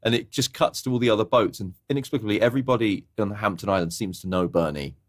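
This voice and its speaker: Brief: lower-pitched male co-host, relaxed film chat, retells scenes with playful quotes. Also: quick pace. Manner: recounts scenes with exaggerated character impressions. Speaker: podcast co-host. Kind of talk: casual film review chat.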